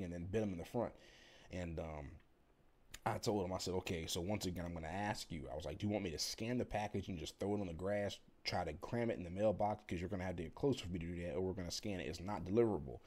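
A young man rambling casually through a work story, blunt and profane, acting out what others said. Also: deep voice. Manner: rambling, profane, animated when quoting others. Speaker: delivery driver vlogger.

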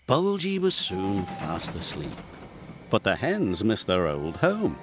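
A British man narrating a children's storybook with warm, expressive telling. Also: sits low, takes it slowly, noisy background. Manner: warm, expressive storytelling with many character voices. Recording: studio voice-over with music underneath.

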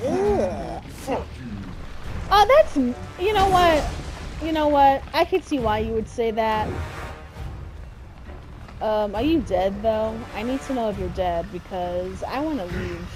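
Young woman, slow-talking game streamer, profane and excitable, game music underneath. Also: mid-range voice. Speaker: gameplay streamer. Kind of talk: live game commentary. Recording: game music playing behind.

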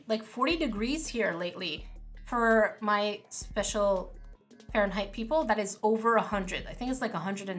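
A woman streaming a game live with her viewers, excitable and giggly, full of exclamations. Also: fairly high pitch. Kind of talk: casual live gaming commentary.

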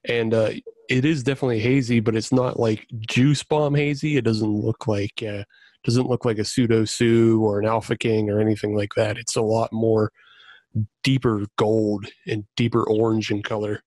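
A man co-hosting a podcast over a video call, talking in a measured, deliberate radio-style voice into a good microphone. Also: on the low side, flat delivery, darkish tone, dry recording. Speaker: podcast co-host. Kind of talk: casual podcast chat.

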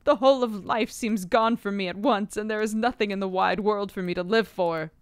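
A woman's voice: on the low side, moderate pace, darkish tone, no echo, studio quality, lightly acted. A woman voicing a grief-stricken young nobleman, earnest and pleading, in a read-aloud storybook. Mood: anguished.

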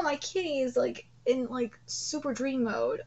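Slow-talking excitable woman, lo-fi. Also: high voice, breathy edge. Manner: excitable and profane, trailing fillers. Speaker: streamer reacting to a comic. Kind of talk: casual live reaction, reading aloud.

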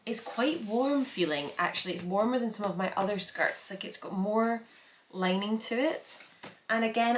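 A woman's voice: a little high, moderate pace, roomy sound, slight background noise. A young Scottish woman chatting casually through a packing vlog, rambling with lots of filler words. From Scotland. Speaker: vlogger.

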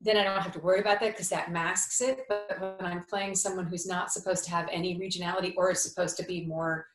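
A woman's voice: on the low side, little pitch movement, quick pace, reverberant, music in the background, rough recording. A woman in her fifties from New Jersey with a slight New York accent, speaking thoughtfully and with animation in an interview, with many fillers and restarts. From New Jersey, USA. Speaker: actress, interview guest. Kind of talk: conversational interview.

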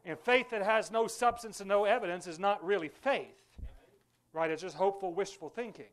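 Speaking a little fast in a high voice, a pastor delivers an ardent sermon in the sanctuary. He uses call-and-response, urging the congregation to repeat his lines.

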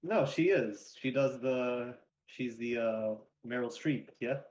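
A man doing a deadpan fake celebrity. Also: mid-range voice, takes it slowly, a little hiss or hum, natural voice, poor audio. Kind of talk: improvised comedy bit.

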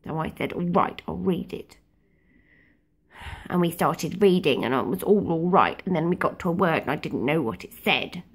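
A woman's voice: low voice, lively intonation, normal speed, husky, heavily acted. A woman voicing a sulky little girl who tells her story in a whiny, childlike way that swings into wailing, in a comic monologue.

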